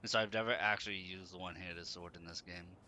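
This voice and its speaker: A man's voice: low voice, fairly even intonation, fast talker, bright, forceful tone, slight background noise. A tired man chatting casually as he plays a game on stream, talking back to the characters on screen. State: tired, running on caffeine. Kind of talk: casual gameplay commentary.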